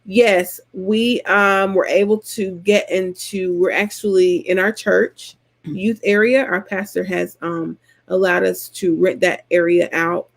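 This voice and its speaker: A woman from Georgia with a Southern American accent, chatting casually with her viewers and telling stories in an animated, colloquial way. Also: medium pitch, measured pace, gravelly. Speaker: vlogger host answering subscriber comments. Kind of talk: casual chat.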